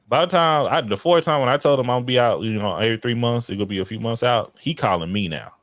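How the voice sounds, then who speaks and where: A man casually telling stories as a podcast guest about his child welfare work, in an animated, slangy way. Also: dry recording. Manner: animated, slangy, breaks into high excited quoted voices. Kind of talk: casual storytelling chat.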